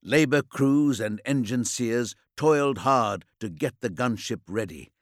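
Male audiobook narrator, slow and measured, dry close sound, mid pitch. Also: no echo. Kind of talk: scripted narration.

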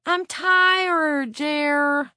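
A woman's voice: high voice, steady tone, extremely slow, bright, forceful tone, dry recording, clean studio sound, voice pushed up, full character voice. A woman narrator voicing a tired young woman who complains in a whiny, childlike way.

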